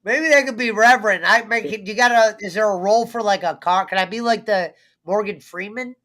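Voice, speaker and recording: A man's voice: high voice, brisk, pushed and bright. Rambling man in casual chat. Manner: rambling, trails off mid-sentence.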